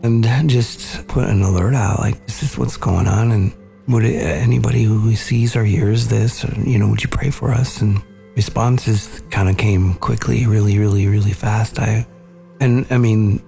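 A man hosting a podcast, earnestly recounting a family memory in a measured, reflective way. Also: on the low side, fairly even intonation, creaky, mellow, faint music behind. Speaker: podcast host. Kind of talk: reflective storytelling conversation.

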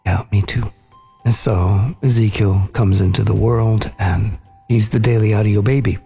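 A man hosting a podcast, earnestly recounting a family memory in a measured, reflective way. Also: lowish voice, fairly even intonation, gravelly, dark tone, slightly rough, soft background music. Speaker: podcast host. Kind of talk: reflective storytelling conversation.

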